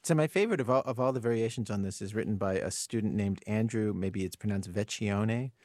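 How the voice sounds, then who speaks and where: A man hosting a radio show, introducing a guest and poems in a measured, wry way from a studio. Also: fairly low pitch, darkish tone, no room sound. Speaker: radio host.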